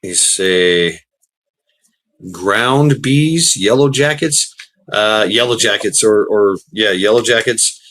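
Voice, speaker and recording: A man's voice: on the low side, animated, takes it slowly, fairly bright tone. A man chatting casually while gaming, rambling with many restarts and fillers, swearing freely.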